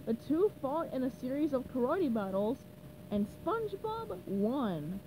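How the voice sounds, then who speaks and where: High, animated woman reading a storybook. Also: noisy background. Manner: slow, animated narration. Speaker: storybook reader.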